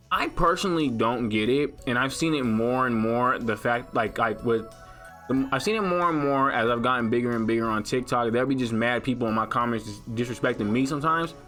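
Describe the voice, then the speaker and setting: A man's voice: medium pitch, a bit bright. Rambling young man over game music. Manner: rambling, loose, slangy, lots of "like". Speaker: let's play host. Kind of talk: casual gaming commentary.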